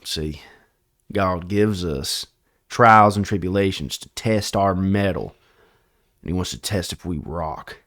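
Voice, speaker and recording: A man putting on a gruff Southern preacher drawl. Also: sits low, no room sound, studio quality. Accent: put-on Southern US. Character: gruff Southern preacher-type man giving a pep talk.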